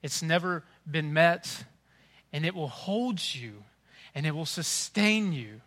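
Preaching slowly and expressively, a middle-aged pastor gives a sermon with a clear, ringing tone and a somewhat elevated pitch. His delivery alternates between gentle, hushed lines and fervent, loud stresses.

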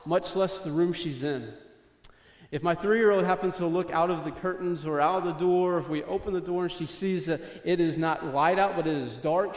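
Preaching man in an echoey hall. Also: fairly high pitch. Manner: storytelling preacher, rising to loud urgent pleading. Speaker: pastor. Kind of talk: sermon. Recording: echoey hall with long reverb.

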